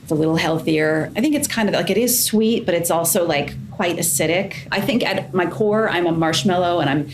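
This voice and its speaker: A woman answering as a podcast guest in casual chat, sarcastic and quick to laugh. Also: fairly low pitch, background noise.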